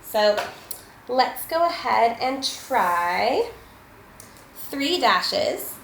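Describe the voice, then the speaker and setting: Patient woman teacher, slow and clear, slightly high voice, roomy echo. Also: big pitch swings, fairly bright tone. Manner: slow, patient, sounds out words and counts aloud. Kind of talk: spelling lesson for children. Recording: echoey room, faint ambient noise.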